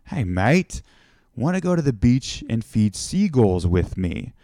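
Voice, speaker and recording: A man's voice: medium pitch, sing-song, unhurried, dark tone, dry recording, studio quality. A man voicing a cheerful, joking Australian man in his forties who keeps saying "mate," in a put-on Australian accent. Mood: friendly joking. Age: 40s. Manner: teasing, repeats "mate".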